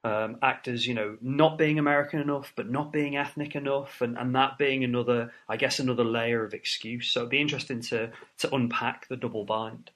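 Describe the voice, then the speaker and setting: A man's voice: medium pitch, fairly even intonation, fairly quick, hardly any pauses, fairly bright tone. A man interviewing a guest, thoughtful and hedging with fillers. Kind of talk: conversational interview.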